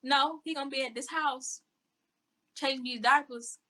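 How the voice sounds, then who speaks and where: A woman speaks as an interview guest with a fairly high, very bright and forceful voice. She is blunt and outspoken and tells it how she sees it in relaxed, casual talk. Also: normal speed.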